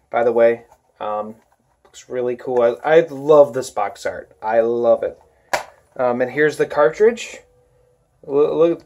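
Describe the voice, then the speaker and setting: A man's voice: mid-range voice, a little mellow, no room sound. A tired, worn-out young man vlogging casually into his phone camera, rambling with lots of fillers and restarts. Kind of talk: casual vlog talk.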